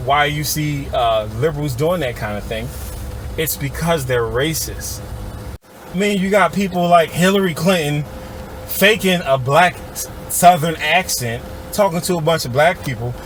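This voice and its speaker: A man with a fairly high voice delivers a sarcastic, heated commentary, talking straight to his audience. A faint hiss sits under the recording. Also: a bit bright. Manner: heated, sarcastic, addresses viewers as y'all. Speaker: political commentator. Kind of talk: ranting video commentary.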